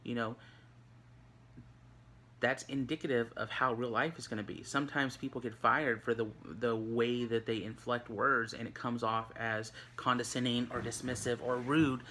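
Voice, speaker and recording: A man teaches a recorded lesson in a bright, ringing voice. He speaks casually, with plenty of "um"s and restarts, like he is chatting with students. A faint ambient noise sits under the recording. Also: mid-range voice, level tone, moderate pace. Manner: conversational, many fillers and restarts. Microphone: recorded for an online video.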